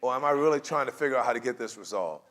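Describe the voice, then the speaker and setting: Guy teaching a church group, lively, laughs a lot, does little voices when he quotes people. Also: mid-range voice, racing. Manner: animated, acts out quoted voices, laughs often. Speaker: church class leader. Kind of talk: conversational teaching.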